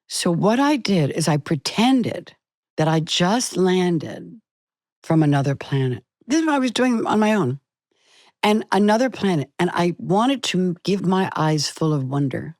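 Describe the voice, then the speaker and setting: Older actress guest, lively storyteller who acts out quotes; lower-pitched, dry, close recording. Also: female voice, moderate pace, no room sound. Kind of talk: conversational interview.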